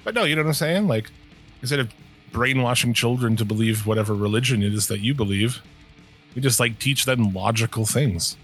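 A man's voice: medium pitch, a little fast, a bit bright, soft background music. A man co-hosting a podcast, chatting loosely with lots of swearing, rambling and trailing off mid-thought. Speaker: podcast co-host. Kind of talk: casual profane chat.

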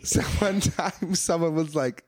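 A young man co-hosting a podcast, telling animated stories with acted-out quotes, laughing often and swearing casually. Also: a little high, unhurried. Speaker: podcast co-host. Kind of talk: casual chat.

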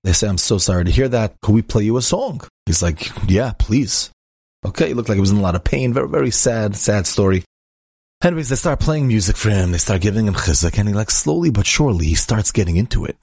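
A man's voice: fairly low pitch, animated, fast talker, darkish tone, breathy edge, no room sound, studio quality. A man, a rabbi, telling a story in a conversational way, acting out the characters' lines and peppering his speech with Hebrew and Yiddish words. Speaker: rabbi and inspirational speaker. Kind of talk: storytelling talk.

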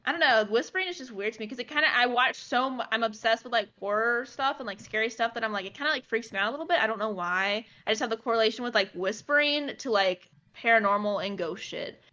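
A woman's voice: a little high, fast talker, few pauses, bright, forceful tone, highs cut off. A young woman streamer in casual chat, talking loosely with many fillers. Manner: chatty, lots of "like" fillers.

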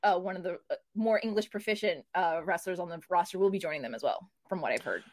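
A woman co-hosting a wrestling podcast, telling match backstories in an animated, casual way with frequent fillers. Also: on the low side, quick pace. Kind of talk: casual preview chat.

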